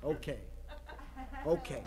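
A man improvising comedy, jokey and singing deliberately silly tunes. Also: fairly high pitch. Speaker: comic improviser. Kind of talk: comedy sketch.

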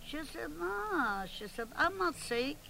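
A woman performs a chatty old chairwoman with a high, bright voice who gossips and bosses everyone around. She scolds the members and keeps cutting herself off mid-sentence in this comic monologue. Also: very animated, slow pace, gravelly, a little hiss or hum, full character voice, low-quality recording. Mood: gossipy. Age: older. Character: older woman, gossipy and bossy club chairwoman. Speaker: meeting chairwoman.

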